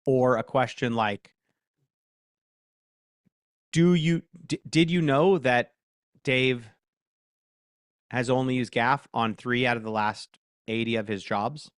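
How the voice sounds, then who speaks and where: A man with a medium-pitched voice hosts a casual live workshop. He talks in a chatty, self-mocking way and dictates prompts out loud. The sound is dry and close, with little room reverb. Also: slow, long pauses, clean tone. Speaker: host.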